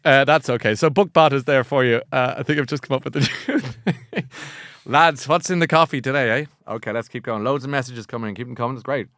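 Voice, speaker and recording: A man with an Irish accent hosting a book show, chatty and animated, often laughing at himself. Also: medium pitch, a little fast, dry recording, studio quality. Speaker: host. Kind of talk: casual chat.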